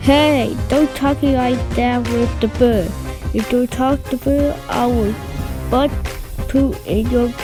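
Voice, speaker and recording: A woman voicing a homemade cartoon, excitable and full of gasps and exclamations. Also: on the high side, slow, over music.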